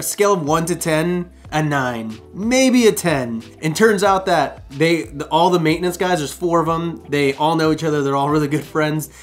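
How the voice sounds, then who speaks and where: A man in his thirties telling stories in a casual vlog, with jokey asides and acted-out quotes. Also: a little high. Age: 30s. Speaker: short-term rental host.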